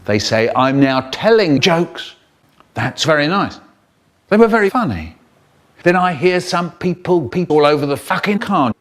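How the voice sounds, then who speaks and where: A man telling comic stories, animated and playful, with exaggerated swoops in his voice. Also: on the high side, normal speed. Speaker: children's storyteller. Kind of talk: comic storytelling, spliced edit.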